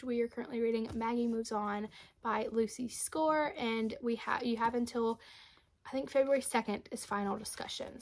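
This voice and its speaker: A young woman with a slightly high voice chats to camera about books she loves. She gushes, gets emotional and talks with quick, animated energy. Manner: gushing, emotional, fast and animated. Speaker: book vlogger. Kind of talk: casual book recommendations to camera.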